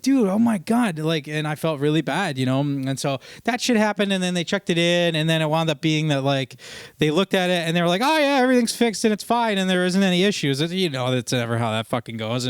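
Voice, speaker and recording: A man's voice: fairly high pitch, fairly quick, clear, resonant tone, no echo, clean studio sound. Swearing man rambling on his podcast. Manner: swears constantly, rambling anecdotes with quoted voices. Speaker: podcast host. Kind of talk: casual solo podcast storytelling. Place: home podcast set with curtain backdrop.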